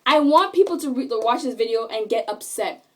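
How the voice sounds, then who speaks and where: A young woman in her late teens, a high school student, delivering an emphatic, indignant vlog rant into a phone camera and repeating herself for emphasis. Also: expressive, a little fast.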